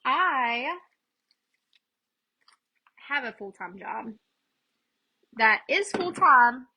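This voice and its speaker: A woman hosts a live crafting demo, chatting freely and greeting viewers by name as she works. Her voice sits a little high and rings bright and forceful. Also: breathy edge, rough recording. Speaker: craft livestream host.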